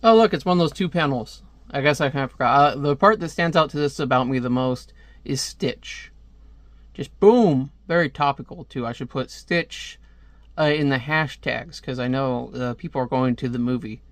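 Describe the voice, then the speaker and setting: A man's voice: mid-range voice, normal speed, no echo. A man reviewing a comic book in a casual read-aloud, rambling into chatty asides.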